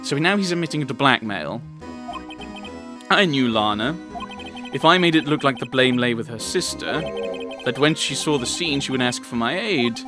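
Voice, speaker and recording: A male let's player narrates a courtroom game, reading the characters' lines in his own voice and ranting about where the plot goes, over game music. His mid-range voice is expressive and his speed normal.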